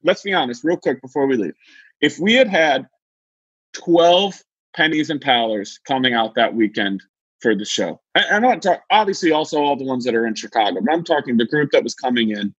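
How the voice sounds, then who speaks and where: A podcast co-host in his thirties tells a story in casual chat, his husky voice jumping up as he acts out other people's lines. The sound is dry and a little dull. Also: a little fast, no echo. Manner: animated, acts out quotes in high voices.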